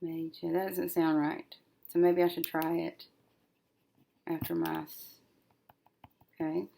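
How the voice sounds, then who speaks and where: A woman teacher working through a syllable-division lesson, thinking aloud and slowly sounding out each syllable as she writes. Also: fairly low pitch, flat delivery, creaky, dark tone. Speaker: reading teacher.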